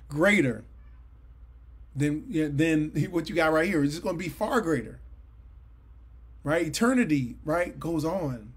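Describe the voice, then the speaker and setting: Earnest preaching man, higher voice. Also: husky. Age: 40s. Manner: earnest, conversational preaching with rising emphatic bursts. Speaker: Bible study teacher. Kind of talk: sermon-style Bible teaching. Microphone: livestream mic.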